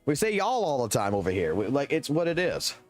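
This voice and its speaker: Soft music sits under a medium-pitched, slightly quick male voice. A young Southern-accented streamer from Louisiana delivers profane, rambling livestream commentary into a close desk microphone, animated and ranting throughout.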